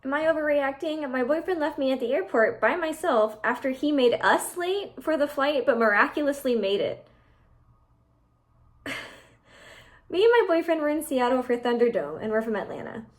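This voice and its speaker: Lively young woman reacting to posts. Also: high voice, moderate pace. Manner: reads posts aloud, then reacts with animated comments. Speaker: YouTube host reading posts. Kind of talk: casual reaction commentary.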